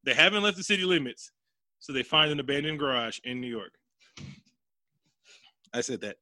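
Bright, animated man recapping a movie. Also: medium pitch, normal speed, dry recording. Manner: profane, animated, acts out characters' lines. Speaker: podcast host recapping a movie. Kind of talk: casual comedic chat.

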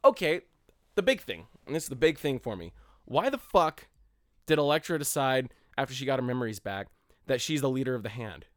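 Man co-host, mid-pitch, smooth dry sound, blunt and ranting. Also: sing-song, brisk, no room sound. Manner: ranting and blunt, swears freely. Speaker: podcast co-host. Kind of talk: casual chat.

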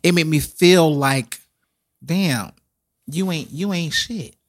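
A man co-hosting a podcast, talking in an animated, dramatic and emotional way, close to tears at times. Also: fairly high pitch, takes it slowly. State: tearful. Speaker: podcast co-host. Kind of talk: casual podcast chat.

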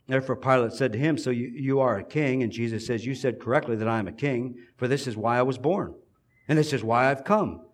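A man preaching a sermon in an earnest way, building emphasis and pausing between phrases. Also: medium pitch.

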